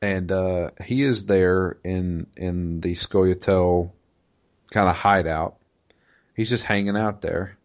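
A man with a very low voice talks slowly and casually. He stops and restarts often, filling gaps with ums and uhs as he recaps a game. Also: fairly even intonation. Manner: halting, many fillers and restarts. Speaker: podcast co-host recapping a video game. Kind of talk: casual chat.

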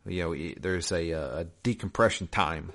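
A man's voice: deep voice, moderate pace, creaky, a bit bright. A married man casually recapping a video game he played, rambling with many fillers and restarts. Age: adult, married. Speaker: podcast co-host recapping a game. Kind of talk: casual chat.

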